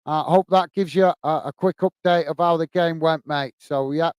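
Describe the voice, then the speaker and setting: Calling everyone "mate" and using plenty of fillers, a UK man hosts a football livestream with live match commentary and viewer chat. He speaks at a moderate pace in a clean, fairly high voice, and there's no room sound.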